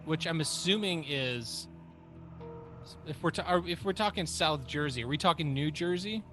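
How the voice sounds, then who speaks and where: A man co-hosting a casual podcast, thinking out loud while answering a quiz. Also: fairly high pitch, normal speed, faint music behind. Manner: animated, laughing, thinks out loud. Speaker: podcast co-host, quiz contestant.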